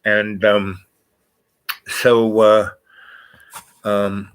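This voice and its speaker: A man's voice: lowish voice, little pitch movement, very slow, clean tone, poor audio. An older man talking in a meandering, casual monologue, correcting himself often and reading aloud from a screen. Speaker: channel host.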